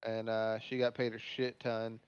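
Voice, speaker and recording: A man's voice: fairly low pitch, completely flat delivery, normal speed, smooth, no room sound. Man, resonant voice, blunt casual podcast talk, dry muffled mic. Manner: blunt, offhand, swears casually. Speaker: podcast co-host. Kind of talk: casual chat.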